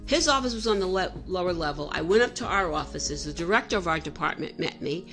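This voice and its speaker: A woman's voice: on the low side, lively intonation, quick pace, fairly bright tone, soft background music. Candid middle-aged woman telling a story. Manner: candid, self-reflective, frequent restarts. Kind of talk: personal storytelling monologue.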